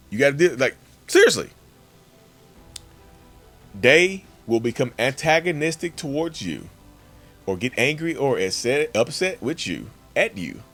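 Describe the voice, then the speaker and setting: A man's voice: medium pitch, fairly bright tone. A man hosting a casual, emphatic monologue for his channel and addressing viewers directly as y'all. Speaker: channel host.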